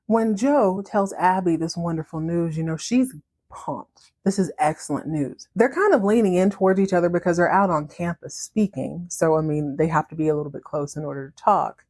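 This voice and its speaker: A woman hosting a podcast, recapping a story in a chatty, animated way and laughing often. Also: fairly low pitch, moderate pace. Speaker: podcast host.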